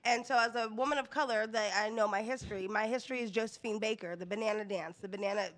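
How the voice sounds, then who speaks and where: A woman's voice: fairly high pitch, fast, a bit bright. A woman on a panel chat, telling a story emphatically. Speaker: panel guest.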